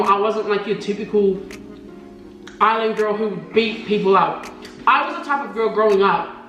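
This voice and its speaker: A young woman from Australia co-hosting a mukbang, telling a childhood story in casual chat and acting out quoted voices with laughter. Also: recorded from a distance. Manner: animated, acts out quoted voices in high pitch, laughs often. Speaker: mukbang co-host. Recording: echoey room, off-mic, faint music.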